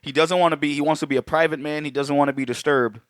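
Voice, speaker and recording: A man co-hosting a podcast, retelling a movie scene in a profane, animated way. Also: a little high, fast, dry recording, clean studio sound. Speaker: podcast co-host. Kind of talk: casual movie chat.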